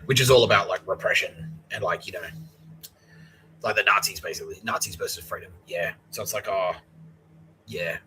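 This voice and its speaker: A man's voice: deep voice, brisk, long pauses, sharp tone, a little hiss or hum, poor audio. An Australian man hosting a podcast, telling a rambling, profane story and acting out the people in it. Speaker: podcast host. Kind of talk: rambling comedic monologue.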